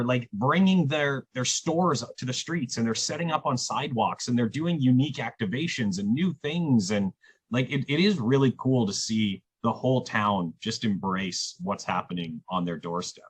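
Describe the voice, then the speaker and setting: A man in casual podcast conversation, with a slightly husky voice in mid pitch. He tells stories with energy. The sound is dry and close. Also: normal speed, no echo. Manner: animated storyteller, jumps pitch when quoting others. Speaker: festival programmer.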